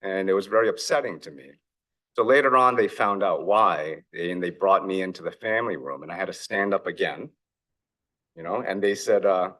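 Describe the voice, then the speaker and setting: A man's voice: deep voice, normal speed, a bit bright. A middle-aged man, an author and investor, giving a conference keynote in a reflective storytelling manner. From United States. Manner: storytelling, reflective, acts out family dialogue.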